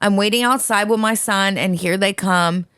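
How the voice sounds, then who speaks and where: A woman's voice: medium pitch, normal speed, fairly bright tone, clear, resonant tone, no echo, clean studio sound. A woman co-hosting a podcast, reading a listener's letter aloud in a blunt, profane, dramatic way.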